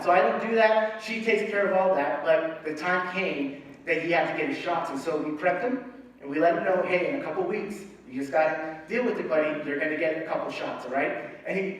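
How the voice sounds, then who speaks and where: A middle-aged pastor tells a personal story from the pulpit with a fairly high voice, acting out family moments with animated energy. The sound carries a heavy echo, as though he stands some distance from the mic in a big auditorium. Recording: echoey hall, speaker far from mic.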